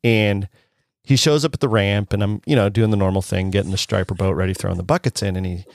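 Casting note: man, forties, fishing guide, relaxed storyteller, lowish voice, dry close sound. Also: quick pace, gravelly, no room sound. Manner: animated storyteller, swears, laughs often. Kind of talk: casual chat.

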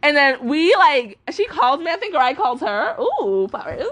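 Young woman ranting on her podcast, cussing a lot, high bright voice. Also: sing-song, normal speed. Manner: cussing, heavy filler "like", quotes others in put-on voices. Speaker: podcast host. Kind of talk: casual rant.

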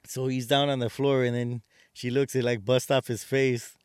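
A man's voice: medium pitch, little pitch movement, moderate pace, a little mellow, smooth, no echo, studio quality. A man co-hosting a casual chat, retelling a movie plot in a rambling way with many fillers and restarts. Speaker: podcast co-host.

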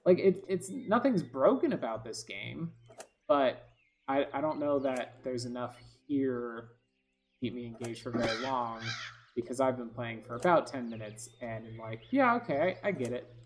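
A man's voice: mid-range voice, normal speed, darkish tone, slight background noise. A man giving casual gameplay commentary, rambling with lots of fillers and restarts, often frustrated. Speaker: gaming video host.

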